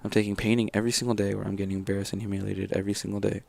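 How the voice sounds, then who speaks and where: A man's voice: on the low side, level tone, very fast, vocal fry, darkish tone. A man telling his story casually as an interview guest, rambling and acting out what his teachers said. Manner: rambling, acts out teachers' lines.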